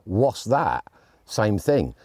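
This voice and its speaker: Lively, mellow-voiced chatty man. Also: fairly low pitch, drawn-out words, dry recording, clean studio sound. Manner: chatty, jokey and enthusiastic. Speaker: airgun gear reviewer. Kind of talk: casual gear review. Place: outdoors on shooting land.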